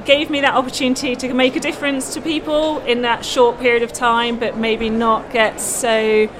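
Brief: woman guest, higher voice, chatty and giggly, steady background noise. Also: moderate pace. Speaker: university lecturer and guest. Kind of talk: conversational interview.

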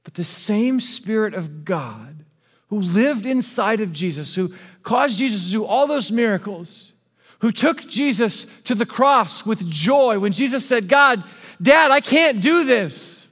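A male pastor preaching a sermon, swinging between hushed, intimate passages and emphatic, rising declarations. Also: sits high, lively intonation, measured pace, husky. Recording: long hall reverb with faint music.

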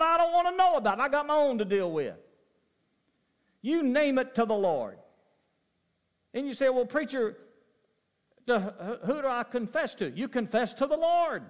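A middle-aged male pastor preaching a sermon, swinging from loud emphasis to soft, low asides. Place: church sanctuary. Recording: long church reverb.

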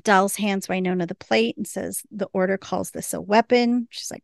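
Brief: woman co-host, vocal fry, dry close sound, chatty scene-by-scene recap. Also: mid-range voice, expressive, moderate pace, hardly any pauses, fairly bright tone, no room sound. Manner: retells scenes quoting characters, chatty. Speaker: podcast co-host. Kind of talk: casual episode recap.

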